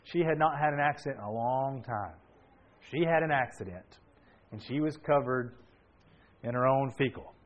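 A man preaching a sermon, telling a family story with animated energy and sudden bursts of shouting. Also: mid-range voice, moderate pace. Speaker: pastor. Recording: dull lo-fi sound.

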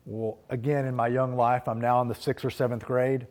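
A man's voice: medium pitch, flat delivery, moderate pace, a little mellow. Earnest preacher man. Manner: personal storytelling, earnest and reflective. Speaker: pastor. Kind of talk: sermon.

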